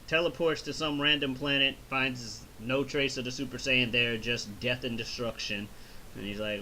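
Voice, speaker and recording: A man's voice: mid-range voice, normal speed, slight background noise. A man hosting a casual movie review, recapping the plot with profanity and constant acted-out bits. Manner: animated recap, profane, laughing. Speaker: reviewer and host.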